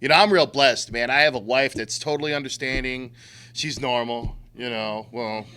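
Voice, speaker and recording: A man's voice: mid-range voice, normal speed, very noisy. A middle-aged man giving a blunt, profane talk to a recovery group, using street slang and acting out quotes. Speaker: recovery speaker.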